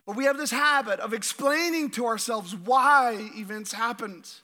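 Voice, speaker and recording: A middle-aged man preaching a sermon as a pastor, energetic, often repeating words and asking the congregation questions. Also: very high-pitched, normal speed.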